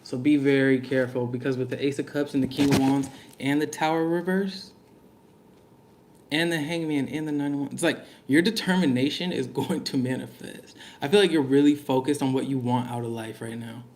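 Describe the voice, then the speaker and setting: A man's voice: mid-range voice, steady tone, a little fast, darkish tone. A man giving a casual spoken reading to camera, loose and slangy, musing aloud with fillers. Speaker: tarot reader.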